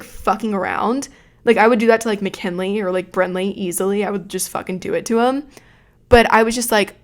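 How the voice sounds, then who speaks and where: A young woman in her early twenties hosting a casual storytelling podcast, talking in a chatty, profane way. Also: medium pitch. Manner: chatty and profane, retelling a night out. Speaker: podcast host.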